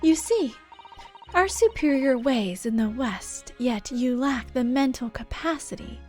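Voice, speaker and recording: A woman voicing a snooty, cruel noblewoman in a game, speaking slowly and scornfully, sometimes sinking to a whisper. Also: high voice, expressive, faint music behind. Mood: sneering. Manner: slow, scornful, dropping to whispers.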